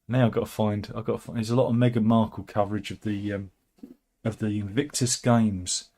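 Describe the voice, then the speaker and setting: A man's voice: fairly low pitch, flat delivery, a little fast, mellow. A man hosting casual satirical news commentary, sardonic and rambling, with chuckling asides. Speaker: host of a satirical news channel.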